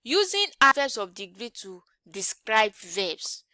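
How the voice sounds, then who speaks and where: A woman's voice: on the high side, big pitch swings, unhurried, bright, forceful tone, dry recording. A woman teaching an English grammar lesson online, often checking in with rhetorical questions.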